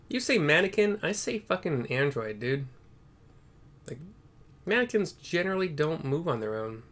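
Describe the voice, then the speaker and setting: A man's voice: medium pitch, fairly bright tone, slight background noise. A man giving casual, irreverent commentary while narrating his playthrough of a game, with swearing asides.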